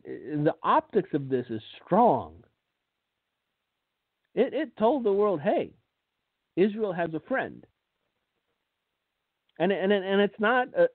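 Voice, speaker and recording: A man's voice: on the high side, no room sound. A man hosting a radio commentary, blunt and sarcastic, who often repeats words as he starts a thought. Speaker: radio host and preacher. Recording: tinny phone-like line.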